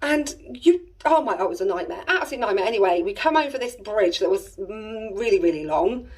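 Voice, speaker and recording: Talking a little fast in an expressive, medium-pitched voice that's somewhat mellow and husky, an English woman in her thirties shares a rambling family story. She's a family vlogger chatting casually with exasperated asides, slightly distant from the mic.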